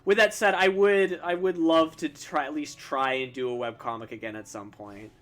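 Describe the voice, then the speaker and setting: A man's voice: a little high, fairly even intonation, moderate pace, fairly bright tone, soft background music. A young man chatting casually while drawing on a live stream, rambling and self-deprecating, with lots of fillers and restarts. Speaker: streamer and artist.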